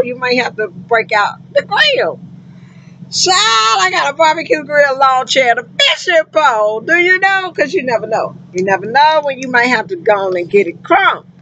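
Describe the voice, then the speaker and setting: A woman's voice: high voice, gravelly, pushed and bright, slight background noise, poor audio. A woman, a trucking vlogger chatting casually to her viewers, full of endearments like honey and girl.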